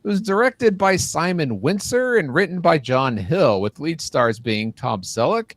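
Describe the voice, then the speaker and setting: A man's voice: fairly high pitch, expressive, a little slow, fairly bright tone, no room sound. A man co-hosting a podcast, teasing and playful in casual banter. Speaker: podcast co-host.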